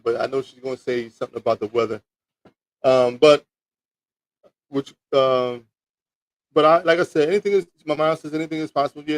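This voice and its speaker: Male sports talk host, mid-pitched, dry close mic, rambling picks, teases chat. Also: dry recording, low-quality recording. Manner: rambling, repeats words, teasing chat with mock toilet flushes. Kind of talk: casual football picks talk, reacting to live chat.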